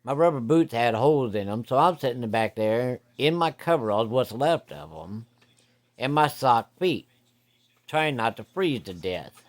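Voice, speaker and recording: A man's voice: mid-range voice, expressive, normal speed. A man telling a hunting story in a folksy, profane, vivid way. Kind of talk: casual spoken storytelling.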